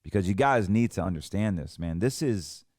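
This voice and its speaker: Heated, low-voiced male finance host. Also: animated, normal speed, a little mellow, no room sound, clean studio sound. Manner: heated, emphatic, rambling with restarts. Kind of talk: ranting commentary.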